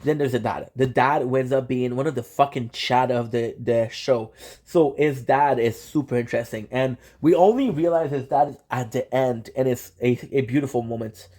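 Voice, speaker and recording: A young man hosting his channel, excitedly recapping an anime in casual slang, with lots of restarts and swearing. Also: medium pitch, moderate pace. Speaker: channel host.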